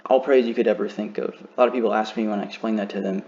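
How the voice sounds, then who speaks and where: A man with a low, gravelly voice gives a patient beginner lesson. He stretches out the words he is demonstrating, and the recording sounds dull and lo-fi. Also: steady tone, darkish tone. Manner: patient, explanatory, drawn-out example words. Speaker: teacher. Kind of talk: beginner lesson on Quran recitation.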